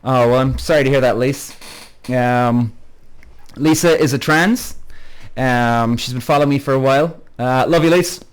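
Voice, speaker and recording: A man with a smooth mid-range voice hosts a live-streamed podcast at a moderate pace. He chats with his online audience, reading their comments and greeting them by name, rambling and swearing freely as he gets worked up.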